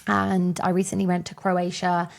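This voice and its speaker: A woman's voice: fairly low pitch, monotone, moderate pace, creaky. A woman in her thirties hosting her own podcast outdoors on a windy day, talking in a chatty, upbeat way with plenty of fillers. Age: 30s. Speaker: podcast host. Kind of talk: casual solo podcast talk.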